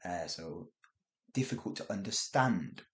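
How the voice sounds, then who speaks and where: A man's voice: sits low, a little slow. A man giving a casual spoken English lesson, chatty and often correcting himself as he explains. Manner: chatty, self-correcting, lively intonation. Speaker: English teacher.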